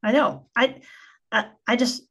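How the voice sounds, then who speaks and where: A woman's voice: a little high, fairly even intonation, a little slow, fairly bright tone, slightly rough. A woman hosting a podcast interview, chatting casually and laughing often between her thoughts. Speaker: podcast host and pastor. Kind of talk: conversational interview.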